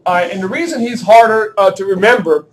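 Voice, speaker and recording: A man's voice: high-pitched, brisk, a little hiss or hum. A male chemistry teacher lecturing a class in a classroom, joking and quizzing students as he works through problems. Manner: joking, self-deprecating, asks the class questions.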